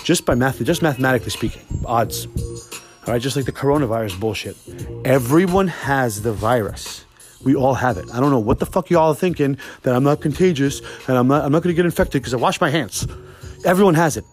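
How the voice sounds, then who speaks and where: A young man hosting a podcast alone, talking in a profane, rambling, animated way. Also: medium pitch, fairly quick, soft background music. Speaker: podcast host. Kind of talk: casual monologue.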